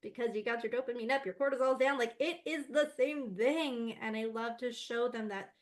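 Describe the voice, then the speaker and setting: Woman guest, kinda high voice, lively chatty, laughs a lot. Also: moderate pace. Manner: animated, laughs often. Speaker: guest, laughter yoga teacher. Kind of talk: casual interview chat.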